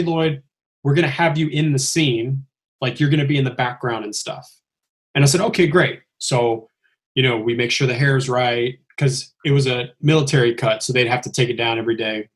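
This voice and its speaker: Man, podcast storyteller, animated, acts out quotes, mid-pitched voice. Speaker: stuntman telling his story.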